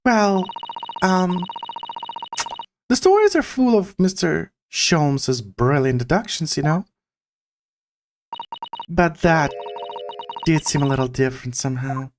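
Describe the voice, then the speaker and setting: A woman reading the lines of a polite, gentle young female assistant, speaking slowly and hesitantly, with game music behind. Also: sits low, big pitch swings, a little hiss or hum, full character voice.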